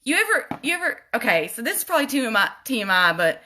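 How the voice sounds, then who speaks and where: A chatty woman talks her viewers through a makeup look on a casual livestream. Her voice is bright and forward, and she keeps drifting into laughing side stories before coming back to her palette. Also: on the high side, sing-song, fast, slight background noise. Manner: chatty, goes off on laughing tangents; talks straight to viewers, addressing them as y'all. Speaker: makeup vlogger.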